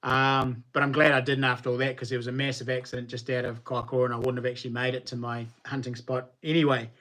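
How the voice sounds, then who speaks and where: A man with a New Zealand accent, a knife maker chatting casually on a livestream and answering viewers in a relaxed, colloquial way. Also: medium pitch, fast.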